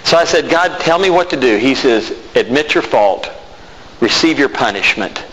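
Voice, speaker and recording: In a hall full of echo and faint noise, this pastor tells his personal testimony during a sermon, playing both parties in each recalled conversation. His mid-range voice is expressive and a little bright, moving at a moderate pace.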